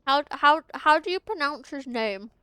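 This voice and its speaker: A woman's voice: high voice, animated, normal speed, bright, forceful tone, no room sound, soft background music. A young woman streaming a game, chatting casually with her viewers, giggling and tripping over her words. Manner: giggly, chatty, often talks to chat, trips over words.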